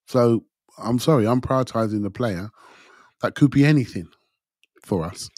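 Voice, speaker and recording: A man's voice: mid-range voice, moderate pace, darkish tone, no room sound, clean studio sound. A middle-aged man, talking football bluntly and emphatically on a podcast. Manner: blunt and emphatic, says mate. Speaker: podcast pundit. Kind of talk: casual football chat.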